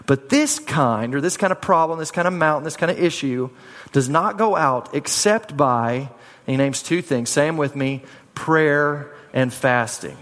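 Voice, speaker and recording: A man's voice: on the high side, moderate pace, fairly bright tone. A man preaching a sermon in a conversational way, often repeating words and calling on the congregation to answer back. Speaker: pastor. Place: church sanctuary. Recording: hall reverb.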